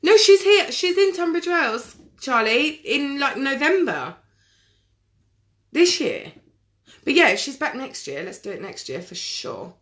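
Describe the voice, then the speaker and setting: In a high, sing-song voice with a fairly bright tone, a woman speaks at a measured pace while doing makeup live. She chats casually and responds to viewers by name, captured by a webcam or phone.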